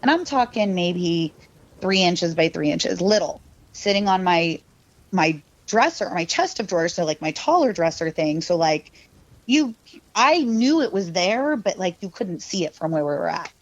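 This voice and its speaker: Here the same podcast guest sounds lowish and animated, speaking at a normal speed over dull, dry, lo-fi audio. Her ghost story wanders, full of fillers and laughter, and she shifts her voice to play both her younger self and her cousin.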